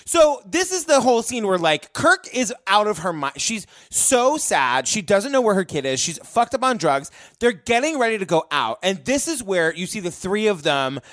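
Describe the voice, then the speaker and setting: A woman's voice: mid-range voice, sing-song, moderate pace, hardly any pauses, no room sound, studio quality. A woman co-hosting a podcast, filling in details in wry, casual chat. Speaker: podcast co-host. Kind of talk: casual chat recapping a documentary.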